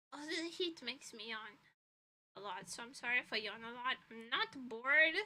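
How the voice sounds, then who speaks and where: A woman's voice: fairly high pitch, animated, a little slow, bright, forceful tone, a little hiss or hum, poor audio. A woman streaming from her room, chatting casually, rambling with giggles and swearing, tired and with a stuffy nose. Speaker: vtuber streamer and illustrator. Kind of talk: casual chat. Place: her own room at home.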